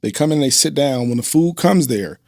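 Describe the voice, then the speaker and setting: A man's voice: medium pitch, lively intonation, fairly quick, darkish tone, dry recording, studio quality. A man who is a business owner and father, a guest on a podcast, telling stories in an earnest, instructive way with everyday fillers. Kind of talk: casual interview chat.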